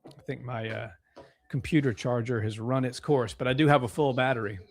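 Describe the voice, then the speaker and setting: A young man co-hosting a live fight watch-along from home, calling strikes excitedly and reading out chat comments. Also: mid-range voice, fairly quick, slight background noise. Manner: excitable, gasping at big strikes.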